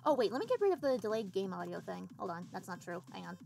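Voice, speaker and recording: A woman's voice: medium pitch, very animated, quick pace, gravelly, darkish tone, soft background music. A woman streamer chatting casually with her viewers while setting up and playing a game, swearing offhandedly. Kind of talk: casual livestream chat while gaming.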